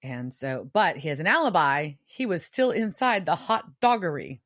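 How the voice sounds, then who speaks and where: A woman's voice: sits low, very animated, normal speed, fairly bright tone, no echo, studio quality. A woman co-hosting a podcast, recapping a TV episode in casual chat, swearing freely with emphatic outbursts. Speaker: podcast co-host.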